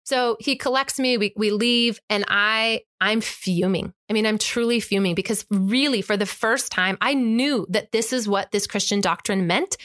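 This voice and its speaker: A woman's voice: mid-range voice, moderate pace, hardly any pauses, a bit bright, no room sound, clean studio sound. An emphatic, impassioned woman telling a personal story as a guest in conversation, acting out the exchanges. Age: adult with an eight-year-old child.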